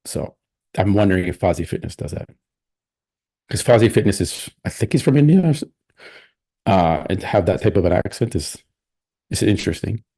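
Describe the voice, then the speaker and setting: Low, dark-voiced male stream host. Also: expressive, a little fast, creaky, pauses often, breathy edge. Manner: rambling and opinionated, many restarts. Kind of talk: casual live stream commentary.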